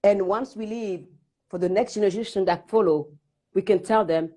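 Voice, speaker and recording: A woman's voice: mid-range voice, moderate pace. An older woman, chatting animatedly in an interview and acting out little quotes as she tells stories. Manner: expressive storytelling with acted-out quotes and laughter. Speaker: singer in conversation. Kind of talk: animated casual conversation.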